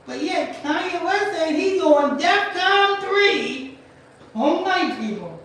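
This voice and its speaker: A woman hosting a commentary stream, rambling and repeating herself as she rants loudly and questions a voice assistant. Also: high-pitched. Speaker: channel host. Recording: echoey room, far from mic, faint noise.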